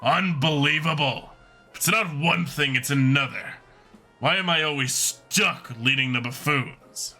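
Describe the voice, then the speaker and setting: A man's voice: on the high side, a little slow, pushed and bright, faint music behind, exaggerated voice. A man voicing a blustering male army commander who sneers and barks orders at his soldiers. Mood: scornful, barking. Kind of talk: voicing game dialogue on a let's-play.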